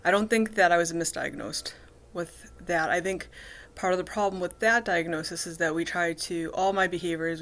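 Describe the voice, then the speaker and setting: Halting, restarting woman vlogger, lowish voice. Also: fairly bright tone. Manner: halting, full of restarts and ums, cluttered speech. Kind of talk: casual personal vlog.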